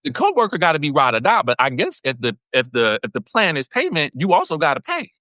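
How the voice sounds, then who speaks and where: A man with a bright, forward voice swings through his pitch as he chats on a podcast. He tells his stories with animated, expressive delivery. The sound is dry and close. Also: quick pace, no room sound. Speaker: podcast co-host. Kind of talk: casual chat.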